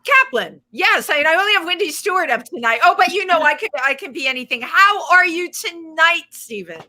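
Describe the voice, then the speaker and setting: A high-voiced woman co-hosts a live chat, her tone bright and sharp. She talks fast and excitedly, exclaiming and cutting in with playful questions. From the Bronx, New York. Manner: animated, quick, exclaiming, interrupts playfully. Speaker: co-host. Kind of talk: casual chat.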